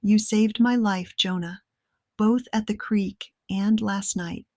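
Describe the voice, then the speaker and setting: A woman reading a weary, quiet young woman. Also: medium pitch, steady tone, slow, dry recording, clean studio sound. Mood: earnest. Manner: quiet and tired. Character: young woman, weary and shaken but wry.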